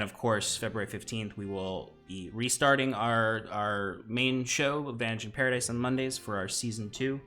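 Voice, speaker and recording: A man's voice: on the low side, a bit bright. A man hosting a live tabletop stream, reading out announcements in a rambling way full of fillers. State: out of breath. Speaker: stream host.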